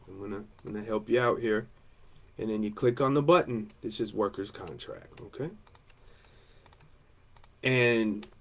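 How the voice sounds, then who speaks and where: A man, a union steward, giving a blunt, combative campaign talk to coworkers, repeating his points between fillers. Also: medium pitch.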